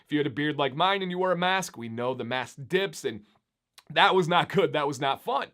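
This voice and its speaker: A man chatting upbeat and animated to his viewers in a casual vlog. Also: a little high, brisk. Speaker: beard YouTuber. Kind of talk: casual vlog talk to camera.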